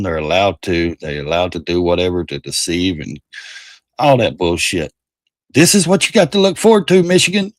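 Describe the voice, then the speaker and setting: Speaking at medium pitch, a man hosts a livestream full of heated, profane political commentary, imitating others in put-on voices to mock them. It's studio quality with no echo.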